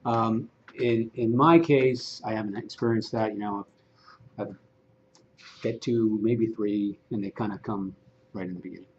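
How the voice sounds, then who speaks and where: Man, training presenter, animated and chatty, slightly muffled room recording. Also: on the low side, a little slow, a little hiss or hum. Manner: animated, conversational, acts out dialogue. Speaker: real estate agent and trainer.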